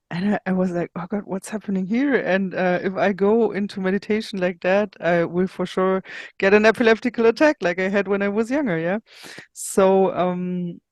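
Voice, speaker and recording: A woman being interviewed who tells a candid personal story in a searching way, often pausing to find her words. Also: mid-range voice, steady tone, dry recording. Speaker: interview guest.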